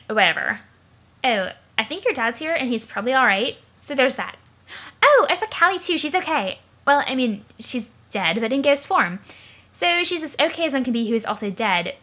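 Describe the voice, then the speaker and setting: A woman voicing a tipsy, bubbly teenage girl who talks loud, slangy and rambling, with plenty of swearing. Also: fairly high pitch.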